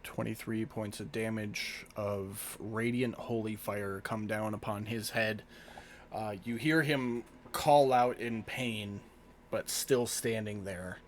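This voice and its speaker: Slow, measured man running a tabletop game. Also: on the low side, fairly even intonation, a little hiss or hum. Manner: slow, measured narration of combat results. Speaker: game master.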